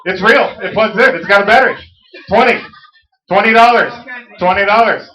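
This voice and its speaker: A man auctioneer calling bids in a quick, repetitive chant. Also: high voice, sharp tone. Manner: rapid repetitive bid chant. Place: auction hall, live audience. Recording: echoey room.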